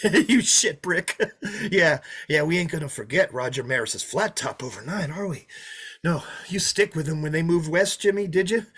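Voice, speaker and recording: An actor playing a menacing drifter who taunts his hostages, swinging from loud mockery to hushed threats, in a play reading. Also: on the high side, expressive, normal speed, slightly rough. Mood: reminiscing. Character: menacing, sneering drifter holding a diner hostage. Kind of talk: play read over a video call.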